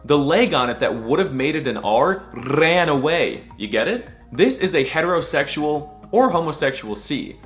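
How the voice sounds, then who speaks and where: A man teaching letters for laughs, his pitch leaping and swooping as he goes. He delivers everything with exaggerated mock seriousness and breaks into sudden squeals, with faint music running underneath. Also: very animated, moderate pace, hardly any pauses, fairly bright tone. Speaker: comedy language tutor. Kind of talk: comedic alphabet lesson.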